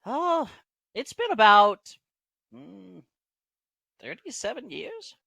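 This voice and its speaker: A man voicing an excitable, hot-headed male halfling adventurer, shrill and yelling indignantly. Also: slow, creaky, no room sound, exaggerated voice. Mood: nostalgic.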